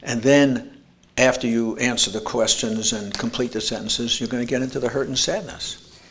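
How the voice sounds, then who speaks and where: Gravelly man giving a motivational talk. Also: medium pitch, normal speed, fairly bright tone, slight background noise. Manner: earnest, repeats words. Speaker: speaker. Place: expo lecture room.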